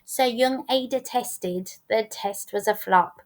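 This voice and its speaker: A woman teacher reading a rhyming picture book aloud with a rhythmic, expressive delivery. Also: on the high side, takes it slowly. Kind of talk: storybook read-aloud.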